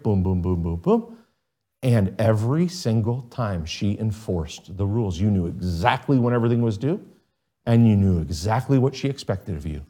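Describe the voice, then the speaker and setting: A middle-aged man preaching a sermon in an earnest, conversational way, with sudden jumps in pitch and volume. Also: warm tone. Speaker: pastor.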